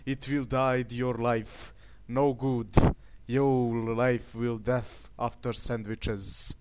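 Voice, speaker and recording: A man voicing a crude ranter with a put-on Russian accent and deliberately broken English. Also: mid-range voice, level tone, darkish tone, slight background noise. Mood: ranting.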